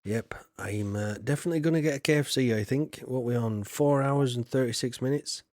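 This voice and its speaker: A chatty man rambles on a live game stream and laughs often between thoughts. His voice sits at an ordinary middle pitch, and it is recorded close on a desk mic with a dry, dead sound. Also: brisk, darkish tone, no room sound. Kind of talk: casual live-stream chat.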